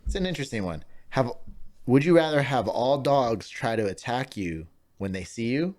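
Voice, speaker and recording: Animated, swearing male podcast co-host. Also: mid-range voice, normal speed. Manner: profane, animated storytelling with put-on voices. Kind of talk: casual podcast chat.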